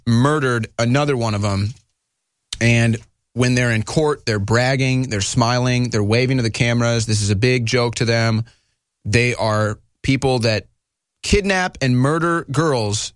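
A man's voice: mid-range voice, dry recording, studio quality. A man hosting a political talk show, ranting in heated, emphatic outbursts. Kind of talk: fiery political commentary.

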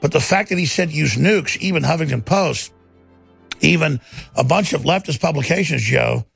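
A male talk show host in heated political talk, with a gravelly, raspy voice and rapid, insistent ranting. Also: fairly high pitch, fairly bright tone, faint music behind.

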